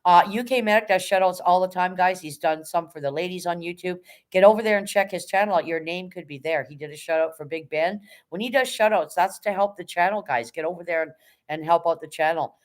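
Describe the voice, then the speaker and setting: A woman hosting a casual livestream, reading chat and cheering viewers on in a hyped, rapid auctioneer-like patter, swearing now and then. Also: on the low side. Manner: chatty, encouraging, swears casually. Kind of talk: casual live-stream chat.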